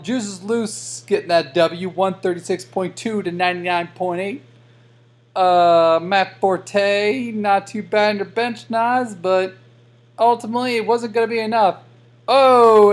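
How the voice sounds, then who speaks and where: Trash-talking fantasy league commissioner. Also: mid-range voice. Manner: joking trash talk with frequent fillers. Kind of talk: casual weekly league recap.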